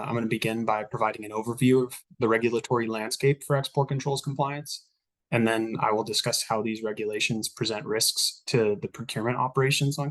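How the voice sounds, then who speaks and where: An export controls compliance officer gives a presentation to campus staff in a recorded online meeting. His voice is on the low side and a bit bright, and he reads steadily with frequent filler words.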